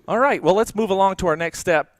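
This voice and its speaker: Casting: middle-aged male podcast host, smooth clear voice, dry close sound, loose and chatty. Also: high-pitched, quick pace, dry recording. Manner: rambling, laughs often, many fillers. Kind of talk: casual podcast chat.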